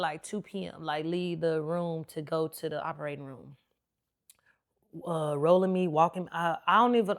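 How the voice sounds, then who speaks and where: A woman hosts a podcast and tells her own story. She talks a lot and acts out what each person said. Her voice sits a little low. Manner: animated, talkative storyteller who acts out quotes. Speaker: podcast host.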